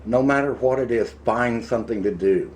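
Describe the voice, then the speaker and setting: A middle-aged man with an Ozarks accent, delivering a heated, emphatic rant to camera and slowing down to hammer his points. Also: mid-range voice, darkish tone, a little hiss or hum. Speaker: vlogger. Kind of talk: angry political rant to camera.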